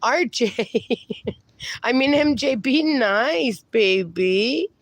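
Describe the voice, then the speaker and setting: A woman with a fairly high, gravelly voice that is going hoarse, chatting on a livestream. She takes her time, fussing over her dogs and answering viewers in a relaxed, unhurried way. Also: no room sound. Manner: chatty, talks to her dogs and reads viewer comments aloud. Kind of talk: casual livestream chat.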